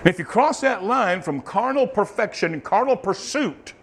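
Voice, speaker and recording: Fervent man preaching, loud then hushed. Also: sits high, expressive, moderate pace, a little hiss or hum. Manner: swings from loud fervent bursts to soft murmuring, testimony-style. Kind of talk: sermon.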